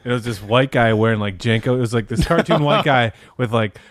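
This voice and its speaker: A man co-hosting a podcast in casual chat, animated and swearing freely, breaking into impressions. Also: medium pitch, brisk, dry recording, studio quality. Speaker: podcast co-host.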